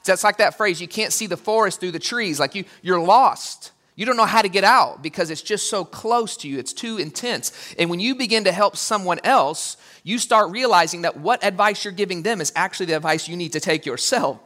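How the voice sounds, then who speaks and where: A male pastor preaching in a bright, ringing voice that sits a little high. He talks in an animated way and acts out little quotes with big leaps in pitch. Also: a little fast, few pauses. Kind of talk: sermon.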